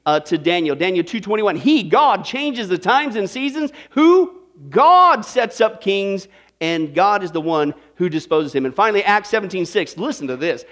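In a very high-pitched voice, a man delivers a sermon as a Bible study teacher. His style is folksy and lively, and he constantly throws rhetorical questions at the congregation.

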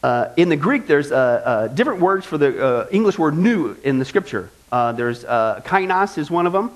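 A man's voice: a little high, big pitch swings, normal speed. A male pastor preaching a sermon in a folksy style, driving points home with repetition.

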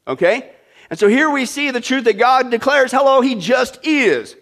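A man's voice: very high-pitched, expressive, normal speed, a bit bright. A male pastor preaching a sermon in a conversational, joking way, checking in with the congregation with "right?" and "okay?".

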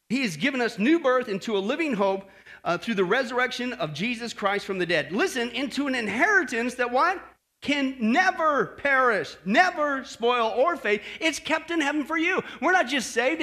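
A man with a very high voice preaches a sermon as pastor. He's animated, frequently putting questions to the congregation and tossing in friendly "okay?" asides.

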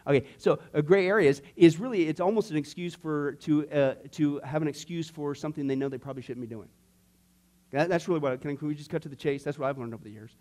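Man, pastor, high-pitched, conversational Bible teaching, animated asides. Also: quick pace. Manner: animated, frequent "okay?" asides, acts out inner voices. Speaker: pastor teaching a discipleship class.

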